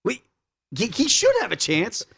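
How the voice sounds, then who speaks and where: A man's voice: unhurried, vocal fry, breathy edge. A man hosting a sports betting show, chatting casually and acting out quotes in mock voices. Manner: animated, acts out quotes in high mock voices. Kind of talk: casual sports radio banter.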